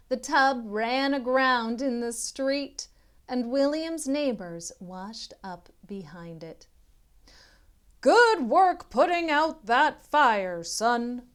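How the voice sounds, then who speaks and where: A woman, a literacy tutor, reading a children's picture book aloud with expressive storybook delivery and chatty asides to young listeners. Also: mid-range voice.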